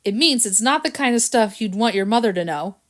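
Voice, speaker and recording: A woman's voice: on the high side, animated, brisk, natural voice. A woman voicing a clever, smug male cat detective who speaks in a dry, knowing way in a storybook. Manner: dry, knowing, smart-mouthed.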